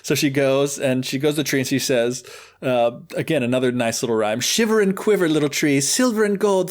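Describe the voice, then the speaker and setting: A man hosting a podcast, retelling a fairy tale in a chatty, joking way with lots of fillers. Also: medium pitch. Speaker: podcast host. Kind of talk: casual storytelling.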